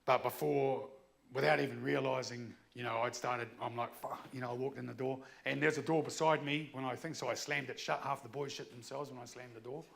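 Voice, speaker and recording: A man's voice: medium pitch, fairly even intonation, fairly quick, vocal fry, a bit bright. A man telling a candid personal story in a blunt, swearing way. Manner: blunt, swears freely, acts out his own past outbursts. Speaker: speaker sharing his story.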